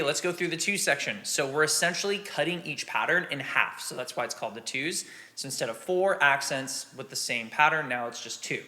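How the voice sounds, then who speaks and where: A man's voice: medium pitch, sharp tone, slight background noise. A man explaining drum exercises patiently and counting beats aloud as a teacher. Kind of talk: instructional drum lesson.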